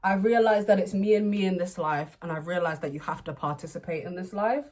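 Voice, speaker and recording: A young woman talks through her makeup routine in a casual chat at home. She is chatty and playful, laughing often and now and then breaking into excited outbursts. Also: fairly low pitch, fairly quick. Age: young adult. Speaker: beauty vlogger. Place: home room, indoors.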